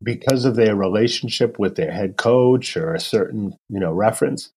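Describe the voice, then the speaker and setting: A man's voice: on the low side, moderate pace, a little mellow, husky. A man who advises coaches on their careers, talking casually and acting out quotes as he tells stories. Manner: storytelling, acts out quotes. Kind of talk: casual interview talk.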